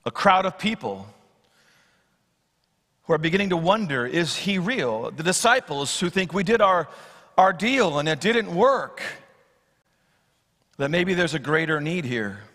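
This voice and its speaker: Pastor, high bright man's voice, swings loud to soft while preaching, big church reverb. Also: sing-song, measured pace, pauses often. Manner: expository preaching, acts out Bible quotes, swings from loud to hushed. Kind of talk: sermon. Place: church sanctuary. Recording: long church hall reverb.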